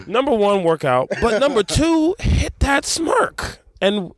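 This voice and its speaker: A man chatting casually, animated and rambling, swearing and restarting his sentences. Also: very high voice, slow pace, no room sound. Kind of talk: casual chat.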